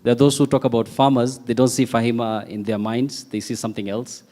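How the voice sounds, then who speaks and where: A man's voice: medium pitch, flat delivery, a little fast, dark tone. A man from Kenya moderating a panel, introducing speakers and asking questions with light jokes.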